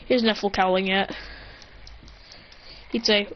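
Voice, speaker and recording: A woman's voice: mid-range voice, fairly even intonation, a little slow, muffled recording, slight background noise. A woman casually narrating an improvised fan-fiction story, rambling and correcting herself as she goes. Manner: rambling, self-correcting, giggly.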